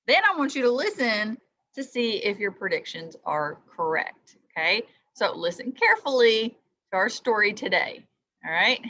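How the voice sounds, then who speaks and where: Animated teacher reading to children, voice rising and falling; slightly muffled sound. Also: female voice, medium pitch, moderate pace. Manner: lively, asks the listener questions. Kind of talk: reading a story aloud to children.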